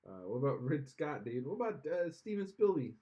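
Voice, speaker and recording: A man's voice: on the high side, sing-song, a little fast, dark tone. A man co-hosting a podcast, giving blunt, opinionated takes in casual chat and often trailing off. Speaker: podcast co-host. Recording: slightly dull lo-fi sound.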